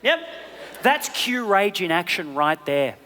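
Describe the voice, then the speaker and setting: A man voicing a shrill, manic puppet comic. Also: slow, in a large hall, heavily acted. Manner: shrieking, excitable, sweary. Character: manic high-voiced felt puppet comic, male. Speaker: stand-up comedian. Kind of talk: stand-up comedy. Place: large theater stage.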